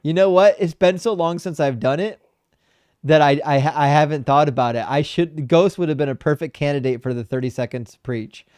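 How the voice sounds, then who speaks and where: A man hosting a debate livestream, reading out super chats in blunt, profane, animated casual talk. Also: a little high, a little fast, no echo, studio quality. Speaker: debate show host.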